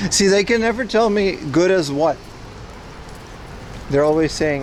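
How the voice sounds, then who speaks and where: A man with a slightly high voice rambles and jokes with his stream chat while out on city streets. Faint traffic hums behind him. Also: lively intonation, measured pace, long pauses. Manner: joking, loose, talks back to chat. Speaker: livestream host. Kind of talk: rambling casual chat to viewers.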